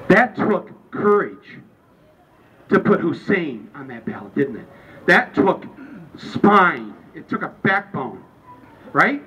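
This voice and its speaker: A man's voice: high-pitched, sing-song, a little slow, a bit bright, a little hiss or hum. A man speaking informally to a live audience at a book event, rambling and restarting his sentences as he goes. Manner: rambling and conversational, with many restarts. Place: store during a book event. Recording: distant, muffled recording with faint ambience.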